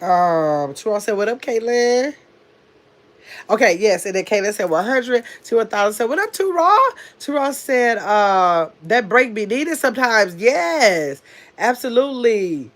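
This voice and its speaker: A woman's voice: medium pitch, lively intonation. A woman chats through her livestream and reads viewers' comments aloud into her phone. She answers each one in a loose, rambling way, with plenty of fillers and restarts. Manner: says she talks fast. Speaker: livestream host reading chat. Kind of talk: casual chat.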